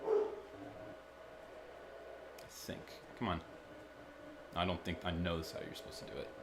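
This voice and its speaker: A man's voice: deep voice, flat delivery, normal speed, noisy background. A young man giving nervous, rambling commentary as he plays a horror game at home. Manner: nervous, rambling, talks to himself. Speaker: gaming YouTuber. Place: home, in front of a big TV.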